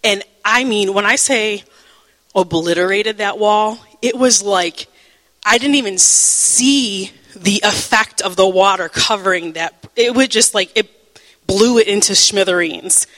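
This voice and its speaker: Woman, Bible teacher, personal testimony, emotional, halting, fillers and restarts, laughs at times, middle pitch. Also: a bit bright, big-room sound, poor audio. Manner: breaks into laughter.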